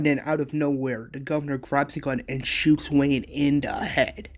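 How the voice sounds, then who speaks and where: A man's voice: medium pitch, level tone, normal speed, few pauses. A man casually retelling a fan story, with frequent fillers and restarts.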